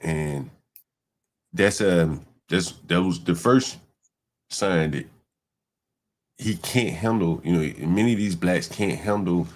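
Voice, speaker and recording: Male stream host, very low voice, rambling and profane. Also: takes it slowly, pauses often. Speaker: livestream host. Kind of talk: casual livestream talk.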